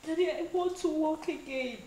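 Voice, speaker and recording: A tearful young woman who cannot walk pleads in a high, piercing voice, played by an actress. The room is echoey and a little noisy behind her. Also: moderate pace, close to an everyday voice. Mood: pleading. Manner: pleading, then sobbing and shouting. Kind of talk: Nollywood film drama.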